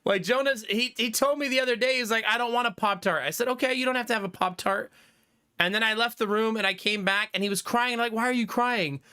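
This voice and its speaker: A man's voice: very high-pitched, quick pace, clean tone. A man in his thirties chatting casually with viewers on a livestream, telling funny stories about his kids and laughing often. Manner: animated storytelling with frequent laughter. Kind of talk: casual chat reading viewer comments.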